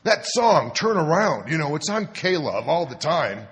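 A man voicing a tipsy, scruffy older churchgoer, loud and earnest. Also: on the high side, sing-song, measured pace, big-room sound, pitched above the performer's own voice, exaggerated voice. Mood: eager.

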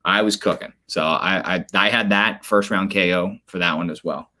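A man co-hosting a podcast, chatting casually about sports with animated storytelling and quick asides. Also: deep voice. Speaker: podcast co-host.

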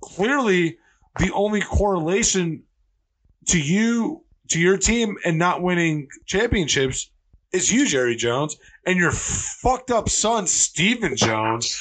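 A man's voice: high voice, lively intonation, slow, fairly bright tone. A man hosting a casual sports podcast, ranting heatedly and swearing freely. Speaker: podcast host.

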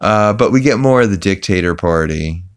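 A man's voice: low voice, animated, normal speed, clear, resonant tone. A man hosting a podcast who recaps a cartoon episode in a casual, rambling way, with lots of ums and restarts as he quotes scenes. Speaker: podcast host.

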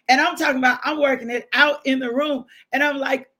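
A woman hosting a devotional podcast, preaching with exuberant shouts, whoops and call-and-response. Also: high voice, fairly even intonation, a little fast, few pauses.

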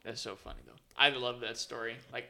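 A man's voice: medium pitch, level tone, fairly quick, a crowd in the background. A young man co-hosting a podcast, telling a story in laid-back casual chat and swearing freely.

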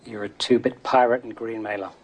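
A man's voice: steady tone, a little fast, natural voice. An actor playing a proud wealthy businessman who makes cold, clipped threats in a film scene. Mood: menacing. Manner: clipped, menacing, low-key threats. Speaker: rival tycoon in a film scene.

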